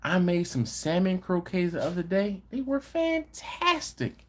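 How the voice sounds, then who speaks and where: Host: man, animated and playful, reading live chat comments aloud, very expressive pitch. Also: measured pace. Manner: animated, playful, slangy banter. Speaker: barbecue channel host.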